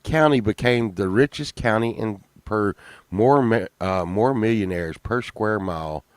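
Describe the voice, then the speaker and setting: A slow-talking middle-aged man with a Texan drawl and a lowish voice, rambling through casual chat while sounding tired after a late night. He drifts from mumbled asides to sudden loud bursts, recorded close and dry. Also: no echo. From Texas. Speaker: show host.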